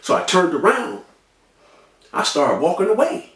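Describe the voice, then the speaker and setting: A man telling his own story with a high, swooping voice that jumps around as he acts out the people in it and makes sound effects in street slang. He sits back from the mic in an echoey room. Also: huge pitch swings, a little slow, a bit bright, recorded from a distance. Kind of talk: animated personal storytelling.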